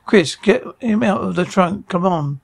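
A man's voice: high voice, lively intonation, a little slow, creaky, full character voice. An actor playing a tense, armed man in a TV crime drama, talking in urgent commands.

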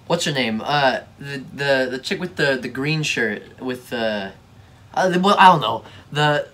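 A man's voice: medium pitch, expressive, measured pace, fairly bright tone, slight background noise. Slangy, exasperated young man reacting. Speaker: video reactor. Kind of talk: casual reaction commentary.

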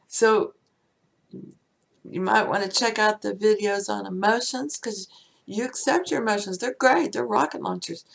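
Female host giving an inspirational spiritual talk; gravelly, slow-paced, keeps asking the listener questions. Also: medium pitch. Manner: asks the listener many rhetorical questions.

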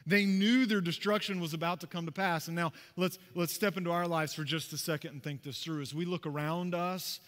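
A man preaching a sermon as pastor, telling a personal story in a conversational, animated way with asides to the congregation. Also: a little high, a little fast, few pauses, in a large hall. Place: church sanctuary.

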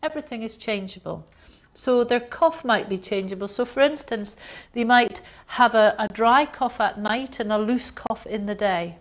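A woman's voice: fairly high pitch, moderate pace. A woman giving a lecture, explaining at length with fillers and acting out coughing fits and gasps. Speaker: homeopathy lecturer. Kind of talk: recorded lecture.

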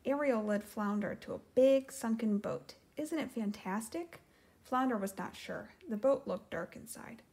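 A woman gently reading a children's storybook aloud and then going through vocabulary words. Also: medium pitch, moderate pace, gravelly, few pauses, slightly rough. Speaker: storybook reader and teacher.

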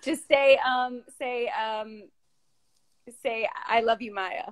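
A woman's voice: a little high, fairly even intonation, slow. A woman hosting a casual phone live stream, bubbly and teasing as she reads viewer questions.

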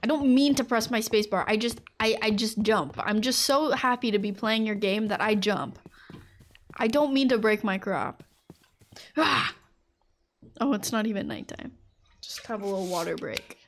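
A woman's voice: medium pitch, normal speed, slight background noise. A woman streaming a game live, chatting casually and rambling, with lots of fillers and frequent laughter. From United States.

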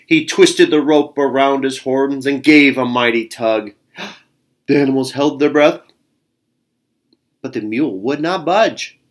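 A male storyteller reading a picture book aloud at an unhurried pace. He is expressive and voices sound effects along the way. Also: medium pitch.

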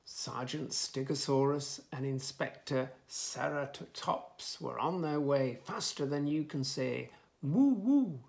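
A man's voice: medium pitch, slow, vocal fry, few pauses. A man reading a picture book aloud to children, adding playful asides about the pictures. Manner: animated, playful asides to young listeners. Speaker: children's storyteller.

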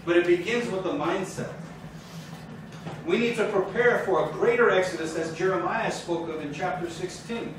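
A man's voice: sits high, moderate pace, background noise. A man teaching a sermon before a congregation, fervent and building in intensity as he preaches. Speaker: Torah teacher. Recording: very echoey room, mic far off.

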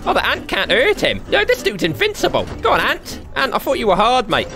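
A young man doing lively gameplay commentary, trash-talking with slang and laughing often. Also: very high-pitched, fairly quick, vocal fry, music in the background. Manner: rowdy, jokey trash-talk with slang and frequent laughter. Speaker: gaming YouTuber.

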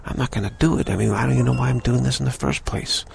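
A worn-out young disciple who protests in a strained, rising voice, as a man puts him on. The voice keeps a deep, gravelly rasp underneath. The storytelling is weary and rebellious. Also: wildly swooping pitch, normal speed, a bit bright, a little hiss or hum, full character voice. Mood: furious.

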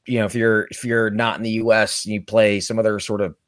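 A man's voice: on the low side, flat delivery, fairly quick, a bit bright, no room sound, studio quality. A man co-hosting a casual talk show, bantering sarcastically. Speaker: co-host. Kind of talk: casual chat.

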